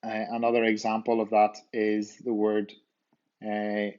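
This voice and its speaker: A male teacher with a Northern Irish accent, slowly walking students through vocabulary and repeating words to drill them. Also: lowish voice, completely flat delivery, darkish tone. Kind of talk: walkthrough lesson explaining vocabulary. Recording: dull lo-fi voice recording.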